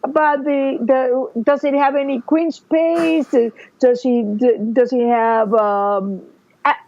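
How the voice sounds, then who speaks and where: A woman co-hosts a podcast, recapping scenes in a musing, rambling way. Her voice is high with a gravelly fry. The recording is dry and slightly dull. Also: fairly even intonation, takes it slowly, a little mellow, dry recording. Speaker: podcast co-host. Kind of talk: casual chat.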